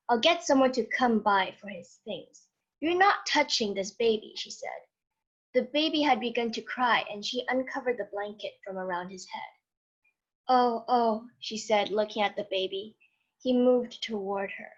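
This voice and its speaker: A woman's voice: a little high, highs cut off. A woman student reading a short story aloud over a video call, with dramatic expression.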